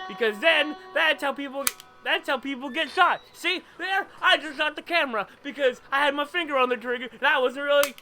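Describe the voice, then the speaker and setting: A man streaming a game, chatting casually in an animated, rambling way, tripping over his words and laughing often. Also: very high-pitched. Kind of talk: casual chat.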